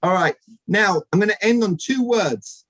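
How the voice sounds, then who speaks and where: A man giving an energetic live talk on sales communication to a networking audience, asking them questions directly. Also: high voice, normal speed, dry recording, rough recording. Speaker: speaker at a networking event. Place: event room with audience.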